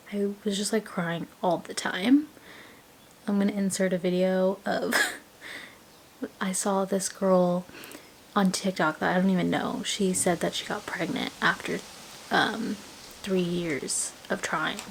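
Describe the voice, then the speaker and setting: Young woman vlogging, soft half-whisper, slow easy talk, little laughs. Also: mid-range voice, gravelly, a little hiss or hum, low-quality recording. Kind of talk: casual personal vlog.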